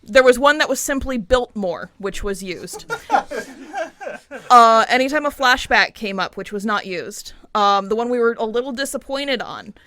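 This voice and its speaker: A woman's voice: fairly high pitch, normal speed, sharp tone. A woman on a tabletop game podcast, chatting casually and laughing, reading a list with many ums and uhs. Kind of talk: casual laughing chat between players.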